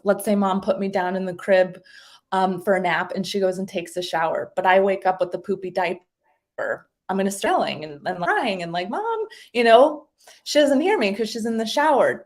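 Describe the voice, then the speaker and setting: A woman of middling pitch explains her ideas in a loose, conversational way. She is animated and keeps slipping into little acted-out voices as she tells stories. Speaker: guest speaker explaining identity.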